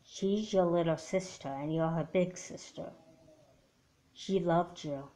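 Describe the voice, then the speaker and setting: A stern, blunt mother, acted by a woman for a homemade doll movie. She scolds in a lower voice with plain, firm delivery. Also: takes it slowly, dark tone. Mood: grave. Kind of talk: home doll-movie voice acting.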